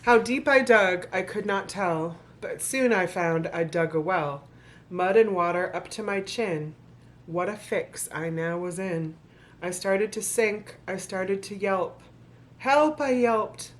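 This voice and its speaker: A woman with a lowish voice reads a rhyming children's book aloud to camera. She stops often for dry, joking asides, then picks the story back up. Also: slow pace. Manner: sarcastic, playful commentary between read lines. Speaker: vlogger reading a children's book.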